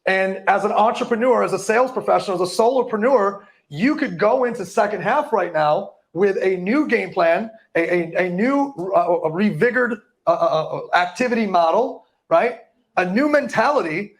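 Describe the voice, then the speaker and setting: Man, high-pitched, motivational speaker, live audience talk, profane, hyped, stumbling. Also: expressive, moderate pace.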